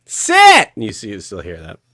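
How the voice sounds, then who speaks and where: A man running a tabletop game as game master, narrating quickly and asking players to clarify. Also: on the low side, animated, fairly bright tone, dry recording, studio quality.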